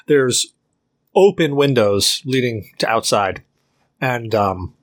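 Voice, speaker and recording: A man narrating a tabletop role-playing game as game master, in a relaxed way with many fillers and restarts. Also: medium pitch, slow pace, dry recording.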